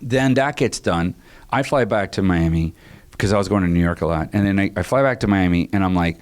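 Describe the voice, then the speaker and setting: Lively man telling studio stories. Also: low-pitched, fairly quick. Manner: lively storyteller who acts out quoted dialogue; frequent restarts and fillers. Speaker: film composer, podcast guest. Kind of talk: casual storytelling conversation.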